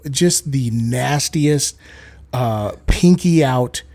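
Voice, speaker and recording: A man's voice: medium pitch, drawn-out words, gravelly, a little mellow. A man co-hosting a podcast, arguing heatedly and profanely, breaking into impressions. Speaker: podcast co-host. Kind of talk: heated casual debate.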